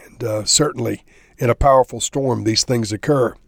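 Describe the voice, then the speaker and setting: A man reading a psalm aloud and explaining it in a devotional teaching, unhurried, stressing the verses he reads. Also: medium pitch, vocal fry, no room sound, clean studio sound. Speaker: Bible teacher.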